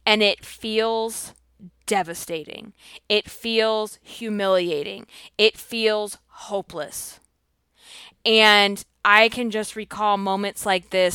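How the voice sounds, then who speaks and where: Hosting her own show, a woman speaks casually and emphatically to the camera, full of "like" and "you know" and keeping things personal. Her medium-pitched voice is sharp, clear and resonant, recorded dry.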